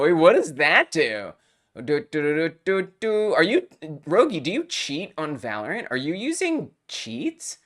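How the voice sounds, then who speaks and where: Excitable game streamer, mock-rage yelps, giggly chatter, silly exclamations, mid pitch. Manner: playful made-up exclamations. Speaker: live-stream host playing game jam entries. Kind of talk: live game-playing commentary.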